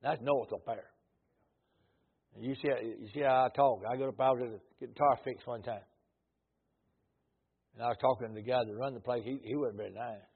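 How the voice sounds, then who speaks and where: An older man with a Mississippi Southern accent, a missionary preacher telling folksy stories in a sermon, swinging from loud to low. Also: steady tone, normal speed, creaky, pauses often, slightly rough. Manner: storytelling, rises loud then drops low. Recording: tinny phone-like audio.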